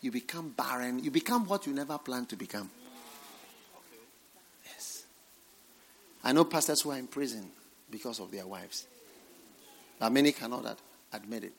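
A man preaching a sermon, swinging from hushed, near-whispered lines to loud, emphatic exhortation. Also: medium pitch, expressive, normal speed, vocal fry, long pauses, in a large hall, slight background noise.

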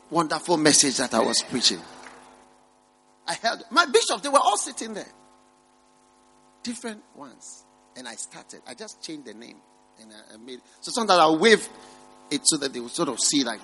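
A middle-aged man preaching a sermon, rising to loud emphatic peaks and dropping to low murmured asides. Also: breathy edge. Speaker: pastor.

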